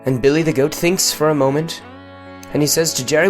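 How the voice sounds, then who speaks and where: A man improvising a silly story with playful, mock-solemn narration and sudden pitch jumps. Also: steady tone, fairly quick, soft background music.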